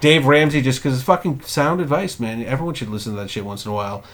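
In casual podcast chat, a young male co-host talks fast at a medium pitch. His anecdotes are animated and profane, sprinkled with quotes delivered in put-on voices.

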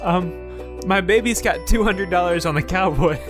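A man's voice: sits high, moderate pace, over music, lightly acted. A man playing a flustered, pleading new mother in an improv comedy scene. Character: frantic new mother, a woman, gambling-obsessed.

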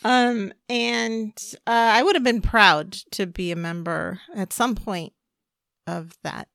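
Female podcast host, bright voice with some fry, teasing, dry close mic. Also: mid-range voice, steady tone, slow pace, dry recording. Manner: teasing, laughs often, steers the talk. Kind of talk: casual chat.

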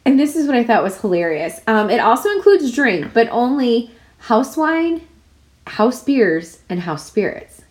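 Chatty female co-host, animated higher voice, rambling casual delivery. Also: a little slow. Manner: chatty, rambling with many fillers and restarts, jokey. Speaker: podcast co-host. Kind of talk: casual chat.

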